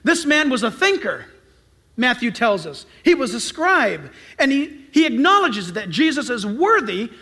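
A man's voice: very high voice, bright, forceful tone. A man preaching as pastor in a sermon, emphatic and repeating lines for stress.

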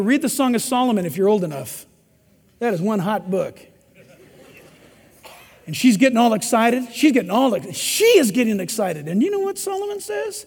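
A middle-aged man preaching a sermon in an emphatic, conversational way, acting out quoted voices. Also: very high-pitched. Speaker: pastor. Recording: echoey hall.

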